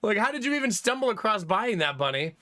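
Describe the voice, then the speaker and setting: Lively, bright-voiced streamer man. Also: high-pitched, fast, dry recording, clean studio sound. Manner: animated, laughs often, swears casually. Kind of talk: casual chat with live viewers.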